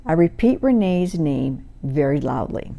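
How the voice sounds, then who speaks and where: A woman reads session stories from her own book, calm and measured. Her voice is low and gravelly, with a dark, mellow tone. She speaks slowly. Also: lo-fi sound. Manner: calm, measured, soothing instructions. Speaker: hypnotherapist reading her book. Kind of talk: audiobook reading of session stories.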